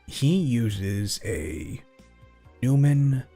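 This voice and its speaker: Husky-voiced man rambling casually. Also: mid-range voice, extremely slow, dark tone, faint music behind. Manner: rambling, profane, acts out both sides of imagined exchanges. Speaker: streamer. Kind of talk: casual stream chat.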